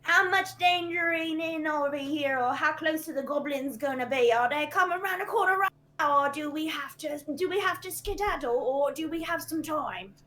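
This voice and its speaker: A cheery adventurer in a put-on cockney grills a captured goblin, played by a woman. The voice is high and bright. It is a tabletop role-play. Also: normal speed, hardly any pauses. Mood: brisk.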